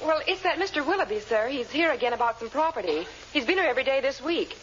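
An actress playing an earnest, fussing secretary and doting wife, in 1940s radio comedy style. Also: female voice, high-pitched, expressive, fast. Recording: dull old radio broadcast with heavy noise.

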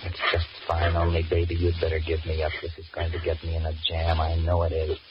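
Male actor as a nervous, low-voiced cheating husband, stammering, old radio play; dull, hissy. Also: completely flat delivery, a little fast, close to an everyday voice. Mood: flustered. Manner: anxious inner monologue, stammering. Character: nervous, cowardly young married man. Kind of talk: 1940s radio acting.

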